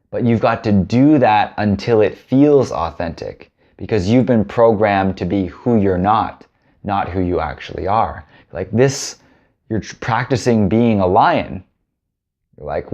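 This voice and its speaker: A man's voice: on the low side, a little mellow, lo-fi sound. A man hosting a self-help video, giving an earnest, musing talk and telling stories in a casual way. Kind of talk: reflective spoken talk with storytelling.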